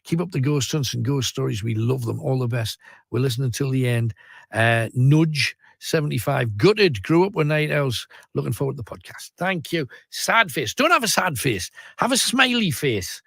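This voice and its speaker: Gravelly man hosting late-night radio. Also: medium pitch, animated, moderate pace, fairly bright tone, dry recording, clean studio sound. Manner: joking, teasing callers; reading out listener messages. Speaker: radio phone-in host. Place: radio studio. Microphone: studio mic.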